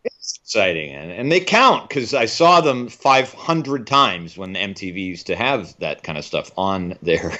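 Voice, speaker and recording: A man's voice: low-pitched, sing-song, measured pace, bright, forceful tone, highs cut off. A man co-hosting a film podcast in casual chat, wry and rambling as he tells stories. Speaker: podcast co-host.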